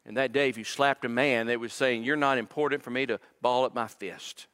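A man's voice: mid-range voice, steady tone, a little fast, fairly bright tone, smooth. A male pastor preaching a sermon in a church, dramatic and emphatic, repeating words as his intensity builds. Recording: long reverb of a large hall.

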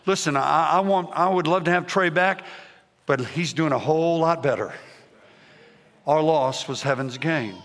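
A man's voice: a little high, moderate pace. A man preaching a revival sermon, calling out to the congregation again and again. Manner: energetic, repetitive calls to the congregation. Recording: long hall reverb.

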